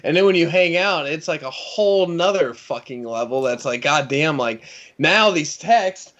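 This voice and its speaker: A man's voice: a little high, expressive, moderate pace, a bit bright. A man who is a guest on a livestream, talking earnestly about his life, swearing and saying dude a lot. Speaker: guest occultist. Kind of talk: casual livestream chat. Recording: dull lo-fi stream audio.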